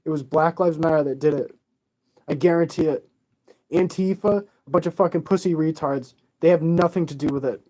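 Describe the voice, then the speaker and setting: A tearful vlogger pours out a rambling, swear-filled rant straight to camera. The voice sits at a middle pitch with a dark, mellow tone, and the delivery is agitated and restless. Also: brisk. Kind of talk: emotional profane rant to camera.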